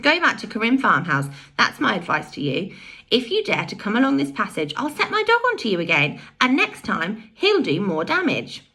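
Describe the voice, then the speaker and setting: A woman's voice: fairly high pitch, big pitch swings, pushed and bright, slightly rough, pitched above the performer's own voice, full character voice. Woman voicing a fearless bossy tomboy girl. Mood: defiant. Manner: brisk, fierce, bossy.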